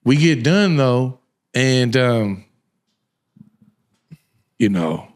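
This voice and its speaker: A man hosting a podcast, telling a personal story in loose, casual chat. His voice sits at an ordinary middle pitch. He talks in a lively, slangy way, laughs through his lines and swears freely. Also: extremely slow. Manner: animated, laughing, slangy and profane. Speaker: podcast host.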